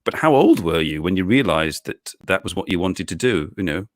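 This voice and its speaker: A man hosting an interview on a video call, asking questions in a halting, playful way and chuckling often. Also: sits low, animated, dry recording, studio quality. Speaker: host.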